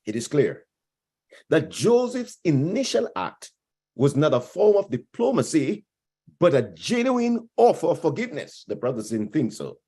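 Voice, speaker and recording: High, lively husky-voiced male preacher. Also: moderate pace. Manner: emphatic preaching, repeats key phrases for stress; addresses congregation directly. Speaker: pastor. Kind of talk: sermon.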